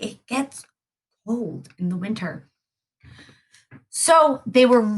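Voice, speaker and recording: Bright-voiced woman teacher. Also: a little high. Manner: chatty, frequent tag questions. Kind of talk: recorded history lesson review.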